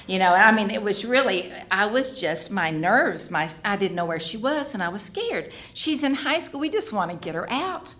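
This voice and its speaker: A woman's voice: mid-range voice, big pitch swings, normal speed, few pauses, fairly bright tone. A middle-aged woman, sharing her recovery story at a fellowship gathering and acting out the other people's voices with strong feeling. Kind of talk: personal testimony at a fellowship gathering. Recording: echoey hall with faint background noise.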